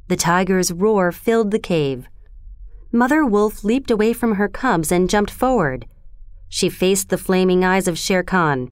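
A woman narrating a storybook in a steady, expressive reading voice. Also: mid-range voice, measured pace, smooth, dry recording, clean studio sound.

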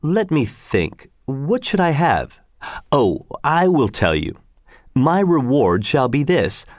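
A man voicing a shrewd, calm male detective who speaks in a measured, cheerfully persuasive way. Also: medium pitch, no echo, clean studio sound. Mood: deliberate.

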